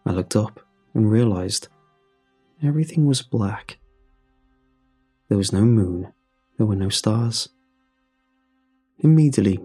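Deep, husky man narrating horror. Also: mellow. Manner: measured, somber. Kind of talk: scripted horror story narration.

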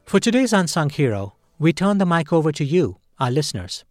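A man hosting a podcast, reading scripted narration in a calm, measured way. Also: a little high, dry recording, clean studio sound, soft background music. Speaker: podcast host.

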